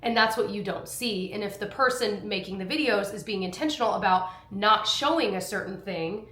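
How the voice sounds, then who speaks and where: A woman's voice: mid-range voice, moderate pace, sharp tone. A woman in her thirties chatting casually to her viewers while doing chores, rambling and self-deprecating. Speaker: lifestyle vlogger.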